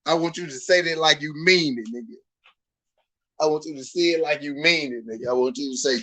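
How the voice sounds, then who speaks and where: A man with a Southern US accent hosting a casual live boxing chat, animated and repetitive, swinging from muttering to loud outbursts. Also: a little high, a little fast. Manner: animated, swings from muttered to shouted, laughs often, repeats himself. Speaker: boxing show host.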